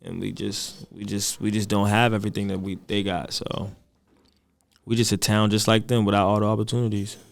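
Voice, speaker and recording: A man's voice: lowish voice, flat delivery, fairly quick, gravelly. Young man, rapper guest, loose slangy storyteller. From Boston. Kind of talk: casual chat.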